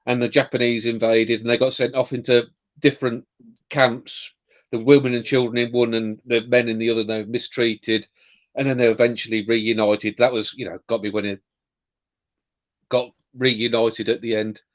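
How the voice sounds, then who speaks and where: A man's voice: medium pitch, little pitch movement, moderate pace. A man chatting candidly on a livestream, reflective and loosely phrased. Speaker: livestream co-host. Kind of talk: casual chat. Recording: dull lo-fi call audio.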